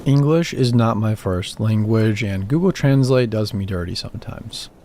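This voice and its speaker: A man calmly reading first-person horror stories as a scripted narration, with music behind him. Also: medium pitch, slight background noise. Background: background music.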